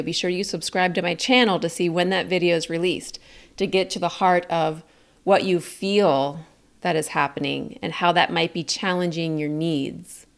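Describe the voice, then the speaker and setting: Calm woman teaching a lesson. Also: on the low side. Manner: calm, explains slowly and clearly, demonstrates statements. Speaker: communication coach.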